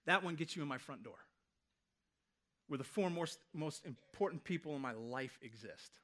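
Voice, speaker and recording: A male pastor in his thirties delivers a sermon from a church stage, chatting with the congregation and throwing them rhetorical questions. His voice sits a little higher than most men's. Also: moderate pace. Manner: conversational, animated preaching with rhetorical questions.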